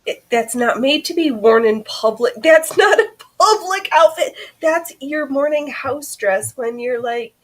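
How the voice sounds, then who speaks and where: A woman hosting a casual chat while sewing, playful and expressive, laughing often. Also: sits high, a little slow, few pauses, rough recording. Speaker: host.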